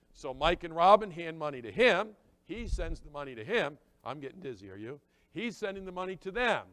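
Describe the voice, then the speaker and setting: A middle-aged pastor with a fairly high voice preaches a sermon in a conversational way, acting out little dialogues. He drops into quiet asides and then rises to loud, emphatic points.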